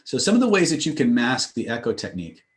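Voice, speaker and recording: A man's voice: medium pitch, wildly swooping pitch, fast. A man teaching a live online class, explaining with casual asides and checking in with listeners. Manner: explanatory, demonstrates phrases with shifting tone and tempo; conversational, frequent "right?" check-ins. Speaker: instructor.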